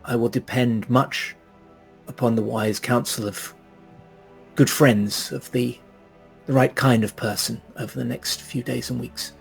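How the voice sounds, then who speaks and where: A man's voice: medium pitch, steady tone, measured pace, creaky, faint music behind. A man voicing an earnest, flustered young lord in a tabletop game, speaking in stiff, formal phrases.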